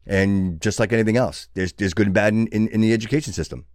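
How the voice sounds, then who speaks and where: A man's voice: lowish voice, fast talker, darkish tone, no echo, studio quality. A man hosting his own show, delivering an impassioned motivational monologue with a preachy tone and frequent restarts. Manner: preachy, builds to fervent exhortation with many restarts. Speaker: show host.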